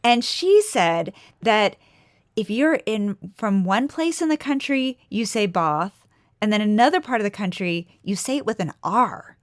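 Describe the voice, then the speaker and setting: A woman's voice: on the high side, lively intonation, moderate pace, dry recording. American woman chiming in on a dry mic. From United States. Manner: chiming in with corrections and details. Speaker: podcast co-host. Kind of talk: casual podcast chat.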